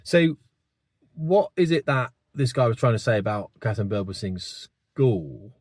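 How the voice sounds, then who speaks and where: A man's voice: mid-range voice, animated, moderate pace, darkish tone, no room sound, clean studio sound. A man in his fifties, host of his own channel, rambling through his opinions in casual talk, often asking the listener if it makes sense. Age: 50s. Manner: rambling, thinking aloud, many tag questions.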